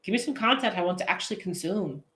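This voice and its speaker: A woman who works as a posing coach hosts a casual live stream, speaking directly to viewers in a slightly low, fairly bright voice. She talks fast with lively intonation, chatty and goofy, laughing easily and reading comments aloud as they arrive.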